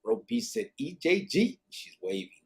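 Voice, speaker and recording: A man's voice: high voice, wildly swooping pitch, normal speed, gravelly, darkish tone, slightly rough. Male podcast host, reads chat comments, laid-back banter. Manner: reads viewer comments aloud, drops in Spanish slang. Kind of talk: casual live-stream chat reading comments.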